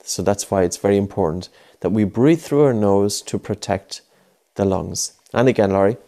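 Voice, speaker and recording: This guided breathing lesson has a male instructor patiently coaxing a child along and repeating his prompts. He talks at a normal speed in a lowish, dark voice.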